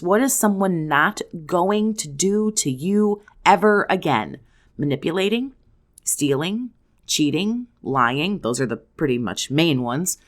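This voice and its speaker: A woman hosting a self-help video, giving blunt, profane advice to the camera in strings of rhetorical questions. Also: lowish voice. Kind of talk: direct-to-camera advice talk.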